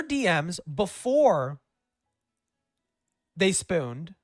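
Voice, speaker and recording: A man's voice: high-pitched, sing-song, extremely slow, long pauses, dry recording. A man giving reaction commentary on screenshots, incredulous and profane, stammering into outbursts. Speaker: commentary YouTuber.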